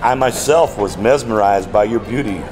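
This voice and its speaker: An actor playing a smooth-talking Southern gentleman in a radio soap, with a Southern accent and a flowery, flattering way of talking. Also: on the low side, moderate pace, over music, lightly acted. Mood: charming.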